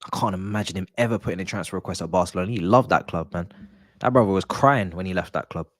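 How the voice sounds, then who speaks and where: A young man chatting casually on a football watch-along stream, joking and laughing in slang and erupting loudly at near-misses. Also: sits low, quick pace, no room sound, studio quality. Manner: laughing, nostalgic banter with slang, loud bursts at near-misses.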